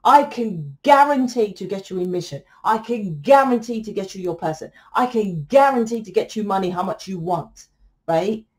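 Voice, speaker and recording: A woman's voice: mid-range voice, a little mellow. Blunt, sweary woman reading tarot. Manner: blunt, swears freely, keeps asking "right?". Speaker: tarot reader. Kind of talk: casual tarot reading to camera.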